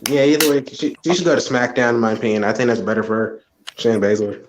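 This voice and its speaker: A man co-hosting a casual wrestling podcast, opinionated and quick to agree. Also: medium pitch. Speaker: podcast co-host. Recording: roomy echo.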